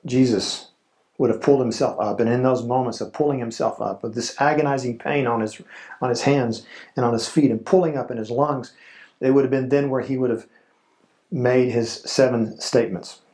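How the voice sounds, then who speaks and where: A man preaching a sermon at a medium pitch. He speaks slowly and solemnly, pausing for weight between phrases. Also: fairly even intonation, a little mellow. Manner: slow, solemn preaching with dramatic pauses. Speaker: pastor.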